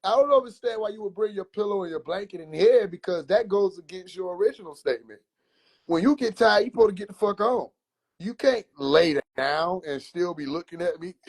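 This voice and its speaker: Man, fairly high voice, casual comedic storytelling, laughs often, profane, phone livestream. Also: a little fast. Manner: animated, profane, laughs between lines.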